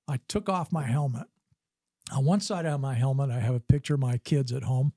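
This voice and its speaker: A man's voice: medium pitch, brisk, warm tone, no room sound. Older man telling a story, dry close sound. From United States. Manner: earnest storytelling with frequent restarts. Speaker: podcast guest, former combat physician. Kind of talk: storytelling interview.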